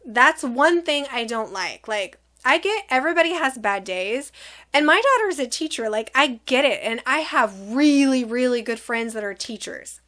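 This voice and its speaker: Animated middle-aged woman telling a story. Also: high voice. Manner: animated, acts out both sides of the argument in quick reported dialogue. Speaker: vlogger telling a personal story. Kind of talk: casual storytime.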